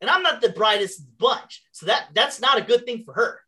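A woman with a slightly high voice chats casually on a talk show at a moderate pace. Telling her story, she grows sarcastic and exasperated, swearing and playing both sides of the argument with animation.

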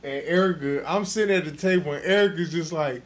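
A man hosting a casual podcast, loudly telling a drunk, profane story full of laughter. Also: a little high, brisk. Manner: loud, profane, laughing, acts out quotes. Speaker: podcast host.

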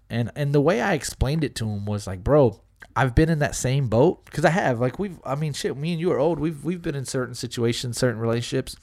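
A middle-aged man talks loosely, spins a story and swears freely. He quotes friends and relatives, with plenty of filler words. His voice sits at a middle pitch and is recorded close and dry, with no room sound. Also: lively intonation, a little fast, darkish tone, no echo. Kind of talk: casual storytelling chat.

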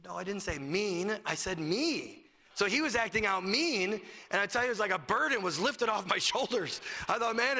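Male pastor, higher voice with a gravelly edge, preaching in a church with long reverb. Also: bright, forceful tone. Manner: preaching with rhetorical questions and a family story. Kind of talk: sermon.

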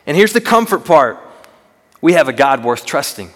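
A young male student minister preaches in an earnest, conversational way and pokes fun at himself. His voice sits fairly high for a man. The sound rings out with the long reverb of a large church sanctuary. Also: sing-song, normal speed, a bit bright. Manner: earnest, conversational, self-deprecating humor. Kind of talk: sermon.

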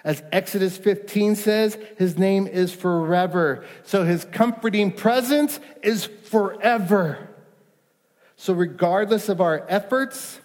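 A man preaching a sermon, emphatic, his voice rising in pleading questions and sinking to quiet reassurance. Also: high voice, takes it slowly, in a large hall. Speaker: pastor.

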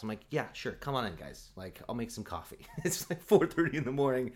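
Animated man telling a funny story. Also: mid-range voice, fairly quick, few pauses. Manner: animated, acts out quotes, laughs often, many fillers. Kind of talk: casual comedic storytelling.

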